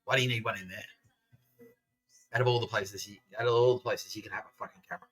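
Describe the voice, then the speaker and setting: A man's voice: on the low side, steady tone, fast, husky, poor audio. A man hosting a podcast, ranting casually with lots of swearing and sarcastic laughter. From Australia. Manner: profane, sarcastic, laughs through his words. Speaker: podcast host.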